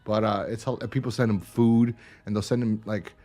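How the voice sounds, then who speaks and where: A man's voice: on the low side, steady tone, moderate pace, dark tone. A man co-hosting a podcast in casual chat, rambling, laughing and swearing as he retells stories. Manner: rambling, swears and laughs often, acts out quotes. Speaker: podcast co-host.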